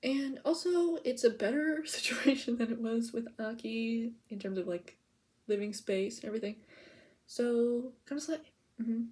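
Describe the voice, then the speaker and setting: A woman's voice: on the high side, moderate pace, darkish tone. A woman vlogger chatting casually to the camera, rambling and giggly, full of "like" and "okay?" as she info-dumps. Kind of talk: casual POV chat to camera.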